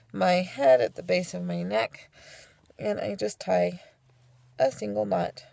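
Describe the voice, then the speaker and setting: A woman's voice: medium pitch, a little slow, gravelly, dark tone, no room sound. A young woman from California giving a casual how-to tutorial at home, chatty and homey with playful asides. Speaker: vlogger demonstrating head covering.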